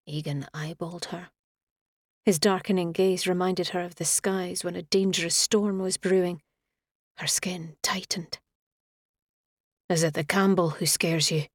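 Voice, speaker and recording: A woman narrating a romantic fantasy audiobook in a measured, expressive storytelling manner. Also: fairly low pitch, no room sound, clean studio sound.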